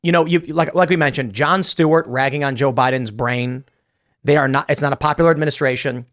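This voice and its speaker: A man's voice: medium pitch, fairly even intonation, brisk, fairly bright tone. A man hosting a casual political panel discussion, talking in loose restarts and stumbles. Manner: talks in loose restarts, mimics newscasters. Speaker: podcast host.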